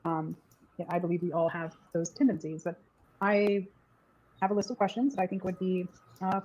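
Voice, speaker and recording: A woman's voice: fairly low pitch, little pitch movement, moderate pace, dark tone, highs cut off, slight background noise. A woman interviewing a guest over a video call, hesitant and playful, often restarting her sentences.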